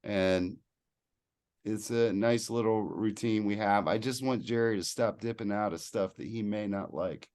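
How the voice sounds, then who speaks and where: A man's voice: fairly low pitch, a little slow, a little mellow, smooth. Blunt, profane man co-hosting a podcast. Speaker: podcast co-host. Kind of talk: casual chat about music.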